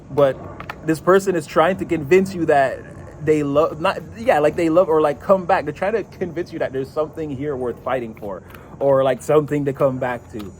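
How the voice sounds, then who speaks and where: A man's voice: mid-range voice, a little mellow, a little hiss or hum, low-quality recording. Chatty man giving a tarot reading. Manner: chatty, laughs often, swears casually. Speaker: tarot reader.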